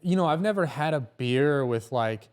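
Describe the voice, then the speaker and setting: A young man, a stand-up comedian, telling casual, animated stories and swearing freely. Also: medium pitch, normal speed, clean tone. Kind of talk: casual storytelling.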